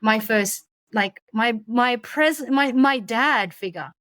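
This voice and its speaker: A woman in her forties tells her own story in casual conversation, her voice sitting a little high. She speaks candidly and haltingly, with many fillers and restarts. The sound is close and dry. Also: a bit bright, no room sound. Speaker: podcast guest.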